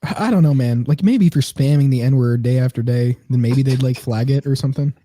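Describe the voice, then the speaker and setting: Dark-voiced laid-back man. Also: mid-range voice, fairly quick, dry recording, clean studio sound. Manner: laid-back, offhand, swears casually. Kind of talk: casual chat.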